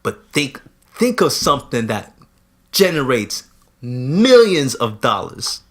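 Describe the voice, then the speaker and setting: A man co-hosting a podcast in casual chat, posing drawn-out rhetorical questions. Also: medium pitch, very animated, fairly bright tone. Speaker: podcast co-host.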